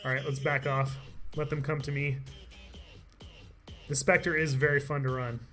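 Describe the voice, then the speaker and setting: A man's voice: medium pitch, level tone, normal speed, bright, forceful tone, soft background music. A man streaming a game live, chatting casually and laughing often, his voice tired from talking all day. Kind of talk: live gameplay commentary.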